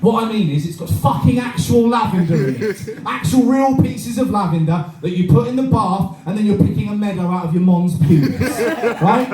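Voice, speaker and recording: A man doing a crude, rambling stand-up set, performing live in a cafe bar. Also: high voice. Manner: crude, rambling, animated, swears a lot. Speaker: stand-up comedian. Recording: echoey room, mic heard from far.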